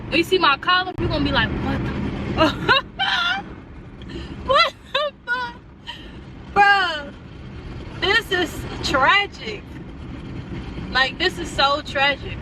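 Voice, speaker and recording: A young woman vlogging in her car, ranting in an animated, exasperated way with lots of slang. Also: a little high, recorded from a distance, background noise. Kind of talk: casual chat.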